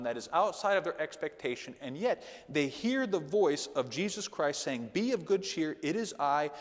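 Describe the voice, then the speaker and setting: A man gives a Sunday school lesson in the loose, conversational style of a sermon. His voice sits a little high and swings widely in pitch as he tells his stories. The sound carries a long reverb from the church hall. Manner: animated, conversational, with frequent "okay?" asides.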